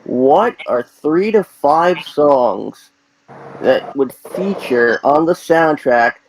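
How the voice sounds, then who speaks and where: A man co-hosting, setting up a hypothetical question in a slow, deliberate way. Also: on the high side, expressive, slight background noise, poor audio. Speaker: co-host asking questions. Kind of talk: interview question.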